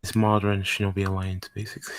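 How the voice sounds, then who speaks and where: A young man in a casual chat, chiming in with short, loud comments. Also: sits low, completely flat delivery, fast talker.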